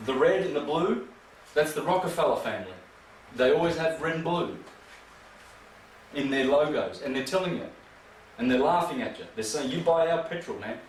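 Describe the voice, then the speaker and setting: A man's voice: fairly high pitch, animated, normal speed, long pauses. A man giving a rambling, emphatic lecture full of rhetorical questions. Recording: echoey room from far off, faint noise.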